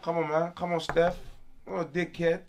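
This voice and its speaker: A young man from Congo, ranting loudly with profane slang as a guest in a casual interview. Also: a little high, level tone, normal speed, a little hiss or hum.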